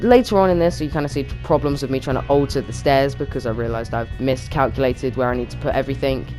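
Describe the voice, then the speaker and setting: A man narrating his game build in a casual, chatty way, with lots of fillers and restarts. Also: mid-range voice. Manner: chatty, quick, with many fillers. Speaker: YouTuber narrating a build challenge. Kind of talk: casual gaming commentary.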